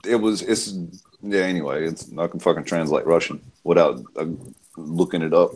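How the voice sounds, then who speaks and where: A man's voice: low-pitched, normal speed. A man chatting casually on a group stream, swearing freely and telling stories with energy. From United States. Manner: crude, swears freely, animated storytelling.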